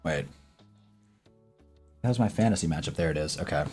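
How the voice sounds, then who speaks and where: A man's voice: deep voice, fairly quick, darkish tone, husky, faint music behind. A man hosting a casual live sports stream at his own desk mic, loose and chatty, swearing now and then and talking to his chat.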